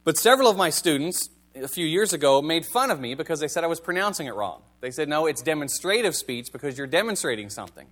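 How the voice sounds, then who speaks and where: A man's voice: on the high side, big pitch swings, quick pace, few pauses, fairly bright tone. A male pastor giving a sermon in a conversational, wry manner, reading scripture and asking the congregation rhetorical questions.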